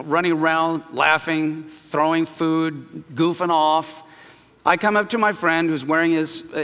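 A man preaching a sermon, telling a personal story with animated swings between quiet and loud. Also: a little high, clear, resonant tone, big-room sound. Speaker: pastor.

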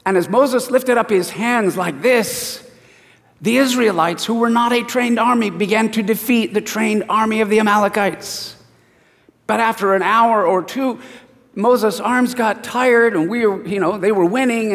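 A man preaching a sermon and reading scripture, an animated storyteller who acts out the voices. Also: sits high, moderate pace, big-room sound.

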